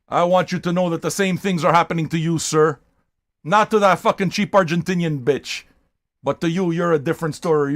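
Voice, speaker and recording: Loud, profane older male stream host. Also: a little high. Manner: loud, profane, hyped-up, shouting at times. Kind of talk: livestream chat with viewers.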